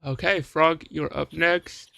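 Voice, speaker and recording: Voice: medium pitch, steady tone, slow pace, vocal fry, pushed and bright, no room sound. A host running a live game show, dry and teasing while calling the turns.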